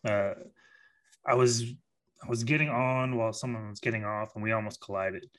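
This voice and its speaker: A man's voice: fairly low pitch, fairly even intonation, normal speed, a bit bright. A man on a casual podcast telling a road story, laughing and swearing freely. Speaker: podcast co-host.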